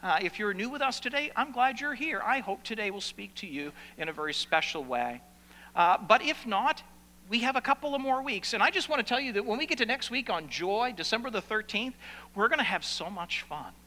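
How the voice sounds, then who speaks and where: A man preaching a sermon as the pastor of his church, with an animated delivery that stretches out key words and pauses for effect. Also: high voice, big-room sound, poor audio.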